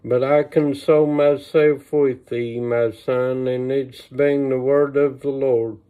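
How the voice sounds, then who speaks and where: A man reading the lines of a grieving old mother in a slow, measured lament, recorded on a phone. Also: medium pitch, little pitch movement, smooth, lightly acted. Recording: tinny phone-line sound.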